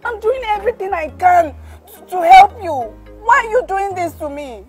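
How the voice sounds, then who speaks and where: An emotional, pleading young girlfriend played by a woman, high-voiced and swinging widely in pitch. Faint music plays beneath her. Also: expressive, moderate pace, darkish tone. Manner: emotional, pleading, repeats words.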